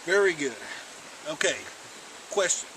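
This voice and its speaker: A man playing an earnest, deadpan male TV field reporter in an improvised comedy, recorded outdoors. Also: a little high, unhurried, lightly acted. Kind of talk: improvised comedy role-play. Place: outdoors in the woods. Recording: outdoor camera audio with background noise.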